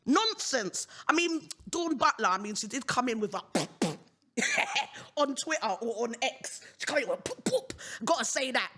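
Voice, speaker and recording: A woman's voice: on the high side, very animated, measured pace, fairly bright tone, slight background noise. A British woman hosting a solo podcast, ranting outspokenly and often checking the listener understands. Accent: British English. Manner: outspoken, keeps asking "you understand what I'm saying?". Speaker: podcast host.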